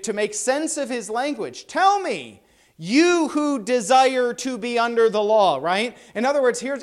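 High-pitched man teaching scripture emphatically. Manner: emphatic, frequent "right?" check-ins; stumbles and restarts, then slows for emphasis. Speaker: Bible teacher. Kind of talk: classroom Bible teaching.

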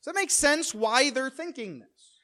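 A preacher walks a congregation through scripture in a loose, conversational way and keeps checking in with rhetorical questions. The delivery speeds up and slows down, and it gets louder or quieter to stress key points. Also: high voice, expressive. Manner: restarts phrases and repeats words when pressing a point; pace and loudness rise and fall for emphasis. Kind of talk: conversational sermon teaching.

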